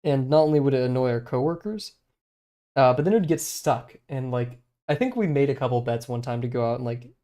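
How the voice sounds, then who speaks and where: Mellow-voiced man thinking aloud while drawing. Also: medium pitch, lively intonation, brisk. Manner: rambling, hesitant, many fillers and restarts; self-deprecating, laughs easily. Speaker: streamer learning to draw.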